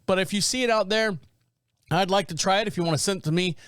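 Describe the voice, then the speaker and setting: Guy in his 30s rambling on his podcast, kinda high voice, dead dry mic, cracks jokes at himself. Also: fast talker, a bit bright, smooth, no echo. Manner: rambling, jokey, self-mocking asides. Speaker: podcast host. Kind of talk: casual solo podcast chat.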